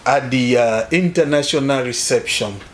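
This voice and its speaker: A Nigerian man with a Nigerian accent, a guest telling his own story in an animated way and often repeating himself. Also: mid-range voice, normal speed.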